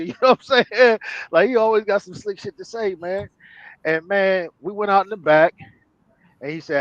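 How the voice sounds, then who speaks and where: A man's voice: high-pitched, expressive, a little fast, fairly bright tone, dry recording, highs cut off. A man telling a long personal story on an online panel in loose, slangy street talk, full of fillers. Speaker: panel guest.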